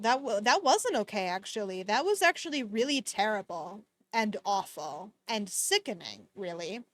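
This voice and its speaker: A woman's voice: on the high side, a bit bright. A woman streamer reading a novel aloud to her viewers, breaking off for sarcastic asides and swearing. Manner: sarcastic asides, swearing between read passages. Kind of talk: casual book reading with commentary. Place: home streaming setup.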